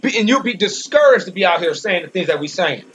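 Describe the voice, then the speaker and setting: A man giving an informal Bible commentary, speaking emphatically, repeating and restarting phrases, and slowing down when he reads verses. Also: high-pitched, expressive, fairly bright tone. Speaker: Bible teacher. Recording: dull lo-fi recording with faint music.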